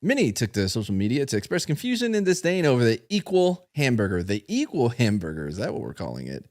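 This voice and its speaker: Animated man reading news on a podcast. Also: mid-range voice, quick pace. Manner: reads articles aloud with joking asides. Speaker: podcast host.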